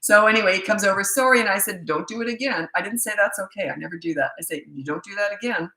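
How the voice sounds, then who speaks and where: A woman's voice: mid-range voice, steady tone, racing, bright, forceful tone. A middle-aged woman hosting a casual parenting Q&A, telling anecdotes and acting out what people said. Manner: chatty storyteller who acts out quoted remarks. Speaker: parenting coach and show host. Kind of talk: casual live Q&A chat. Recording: roomy echo.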